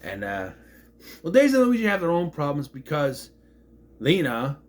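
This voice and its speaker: A man talks through a movie recap in a casual, rambling way, his voice swinging up and down with plenty of life. He sits a little higher than most men and pads his thoughts with fillers. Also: huge pitch swings. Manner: rambling, with fillers and quick voice impressions.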